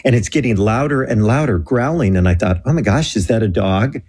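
A low-voiced man with a husky edge tells his story earnestly on a Christian talk show. He acts out the dialogue in an animated way. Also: a little fast. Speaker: guest telling a mission story.

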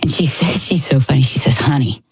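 A woman with a low, husky voice and a gravelly edge tells a story in casual conversation. She slips into voices for the people she quotes, and her voice sits close and dry. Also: a little fast, dry recording, soft background music. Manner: animated, acts out quoted voices. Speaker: guest storyteller.

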